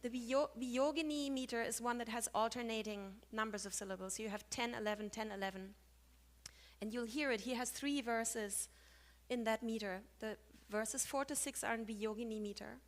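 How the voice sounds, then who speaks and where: A woman's voice: on the high side, normal speed. Woman lecturing on Sanskrit meter. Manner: chatty, with self-corrections, hums meter rhythms. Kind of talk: conference talk on Sanskrit meter.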